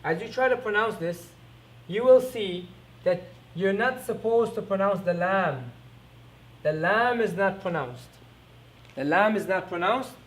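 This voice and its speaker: A man teaching an Arabic lesson, repeating each word slowly and asking quick rhetorical questions as he writes on a board. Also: high-pitched. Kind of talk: recorded classroom lesson.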